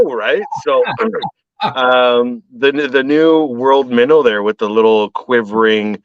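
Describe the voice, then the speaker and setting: This Canadian show guest has a medium-pitched, clean-toned voice and speaks slowly in dull, dry call-quality audio. Casual and animated, he brings his stories alive by acting out the voices in them.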